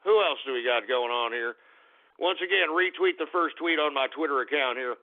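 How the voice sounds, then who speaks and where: A man's voice: a little high, normal speed. A man hosting a live internet talk radio show, abrasive and profane, ranting at his listeners. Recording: tinny phone-line sound.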